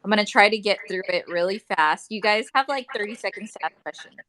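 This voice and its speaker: Hurried woman host keeping time. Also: mid-range voice, expressive, sharp tone. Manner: hurried, practical. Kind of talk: casual chat on an audio chat room.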